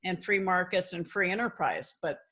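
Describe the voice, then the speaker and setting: A woman's voice: fairly low pitch, moderate pace, pushed and bright. A woman hosting a podcast interview, speaking in an earnest, affirming, conversational way. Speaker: podcast host.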